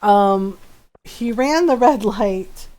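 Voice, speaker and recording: A woman's voice: mid-range voice, lively intonation, drawn-out words, mellow. A woman streamer chatting casually while gaming, telling a family story with lots of laughs, fillers and tag questions. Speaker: game streamer.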